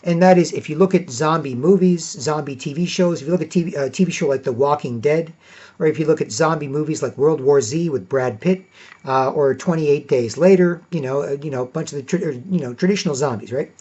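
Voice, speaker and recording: A male podcast host with a fairly high, slightly mellow, husky voice talks briskly in a casual, rambling monologue. He pads his points with "you know" and "right," and the lo-fi recording sounds dull.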